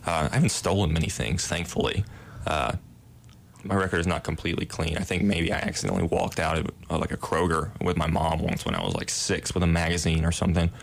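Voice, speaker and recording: A man's voice: low-pitched, flat delivery, fast talker, vocal fry. A young man, a residence hall director, answering interview questions in a modest, self-deprecating way with easy laughs.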